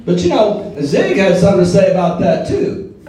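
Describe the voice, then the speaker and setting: A man's voice: high-pitched, big pitch swings, normal speed, warm tone. A middle-aged man from southern Alabama with a Southern accent, a guest speaker telling jokey stories to a live audience. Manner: storytelling, joking with the audience. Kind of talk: motivational speech. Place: large hall before a live audience. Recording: echoey hall, mic heard from a distance.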